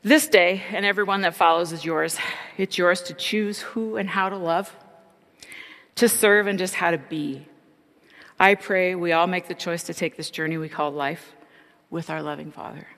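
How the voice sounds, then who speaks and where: A woman's voice: lowish voice, fairly even intonation, moderate pace, creaky, fairly bright tone, big-room sound. A middle-aged woman giving an earnest, reflective personal testimony.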